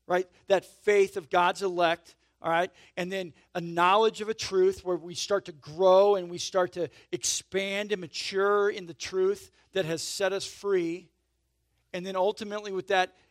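A man preaching a sermon in a conversational way, checking in with "right?" and "okay?" and swinging from emphatic swells to soft asides. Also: high-pitched, no room sound, studio quality. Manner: emphatic swells in volume, then drops to soft intimate asides. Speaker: pastor.

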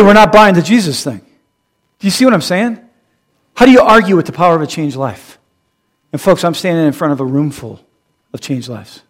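Male pastor, middle-aged, sermon, animated and joking, slightly high voice, loud then hushed.

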